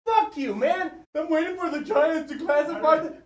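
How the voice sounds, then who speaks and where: A man's voice: extremely high pitch, normal speed, reverberant, voice pushed up. A man voicing a crude, whiny male bettor who rants and curses nonstop. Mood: ranting. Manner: profane ranting, cursing nonstop.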